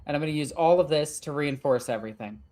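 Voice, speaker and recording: A woman's voice: low voice, quick pace, warm tone. A woman hosting a gaming channel, talking to herself through a strategy game, frustrated and swearing as she plans her moves. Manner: frustrated, thinking aloud, swearing. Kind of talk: let's play commentary.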